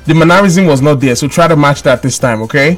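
Nigerian guy hosting a radio call-in, chatty and teasing, bit high voice. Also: quick pace. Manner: lively, teasing and chatty with callers. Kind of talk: live radio call-in game. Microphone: studio microphone.

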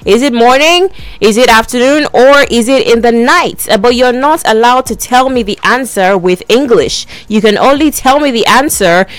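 A woman's voice: a little high, moderate pace, no echo. A young woman hosting a midday radio show, chatting playfully and speaking straight to her listeners. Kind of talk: casual radio chat.

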